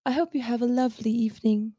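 A woman's voice: a little high, fairly even intonation, fast talker, dark tone, no room sound, studio quality, lightly acted. A woman voicing a charming female lounge singer, with a lilting, airy manner and a New Zealand accent. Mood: gracious.

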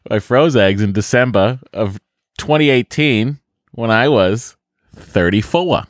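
A man's voice: mid-range voice, lively intonation, unhurried, no room sound, studio quality, voice pushed up, close to an everyday voice. A man putting on a Boston accent to voice a chatty new mother in her thirties, reading her letter aloud for comic effect. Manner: exaggerated accent, breathless listener-letter reading.

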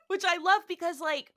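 A woman with a high, bright voice co-hosts a casual podcast. She recaps a TV episode in an excitable, sweary way. She acts out lines from the show. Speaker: podcast co-host.

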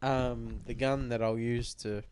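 A young man co-hosting a podcast, tipsy, loud and rambling, swearing a lot in casual banter. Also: mid-range voice, flat delivery, unhurried, slight background noise. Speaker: podcast co-host.

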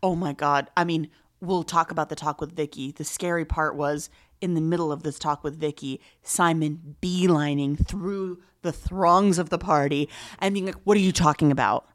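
A woman's voice: low-pitched, fairly even intonation. A woman co-hosting a podcast, chatting emphatically and gossiping about a reality show. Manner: emphatic, gossipy, quick to agree. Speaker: podcast co-host. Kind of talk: casual chat recapping reality TV.

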